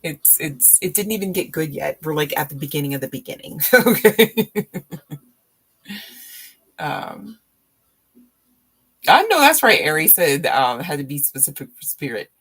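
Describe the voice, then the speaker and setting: A woman's voice: deep voice, animated, fairly bright tone, breathy edge. A woman reading tarot on a live stream, chatting casually with viewers, laughing often and teasing them. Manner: slow, drawn-out speech with fillers.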